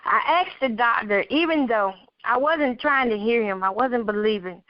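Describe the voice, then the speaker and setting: A woman's voice: on the high side, moderate pace, slight background noise. A woman reading her own story aloud, earnest, with occasional slips and asides. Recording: dull, dry lo-fi recording.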